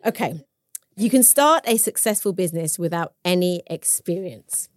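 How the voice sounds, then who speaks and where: A woman hosting a casual business interview, enthusiastic and expressive as she reads out topics. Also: lowish voice, moderate pace, no room sound, clean studio sound. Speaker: podcast host.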